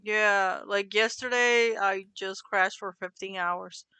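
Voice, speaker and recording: A young woman co-hosting a casual podcast, relaxed and swearing freely, often trailing off into laughs. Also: mid-range voice, slow pace, clear, resonant tone, no echo. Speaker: podcast co-host. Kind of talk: casual chat.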